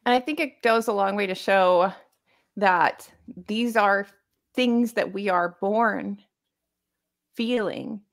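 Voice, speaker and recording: A woman's voice: mid-range voice, takes it slowly. Woman musing over a novel, thinking aloud. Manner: thoughtful, rambling, with frequent restarts and "like". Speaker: book club host. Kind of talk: casual book discussion on a live podcast.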